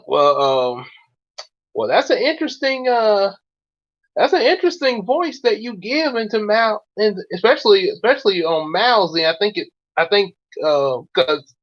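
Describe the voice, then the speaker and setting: A man hosting a casual reaction chat, rambling and halting with many restarts. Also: sits high, fairly bright tone, lo-fi sound. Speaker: host.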